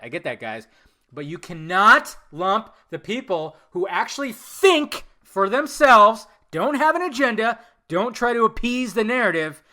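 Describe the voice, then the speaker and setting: A man's voice: high-pitched, pushed and bright. A man hosting a solo podcast, ranting heatedly and swearing a lot. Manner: heated, swearing, emphatic rants. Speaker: podcast host.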